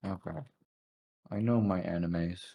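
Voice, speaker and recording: A man with a very low voice and a slow, drawn-out pace trades dry, teasing remarks with his tabletop group. It sounds like a computer mic on an online call, relaxed and conversational. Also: vocal fry, slightly rough, dull audio. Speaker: tabletop game player. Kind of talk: casual chat before an online session.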